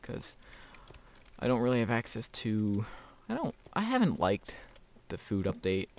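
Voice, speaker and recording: A man's voice: low-pitched, slight background noise. A teenage boy giving casual, rambling gameplay commentary, chatty and often breaking into laughter. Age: teens. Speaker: gamer.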